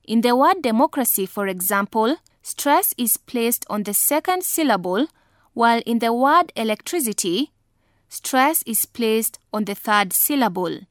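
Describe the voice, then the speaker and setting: Slow, precise woman teaching pronunciation. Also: on the high side, no echo, studio quality. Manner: deliberate, measured word-by-word drilling. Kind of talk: slow, carefully enunciated lesson.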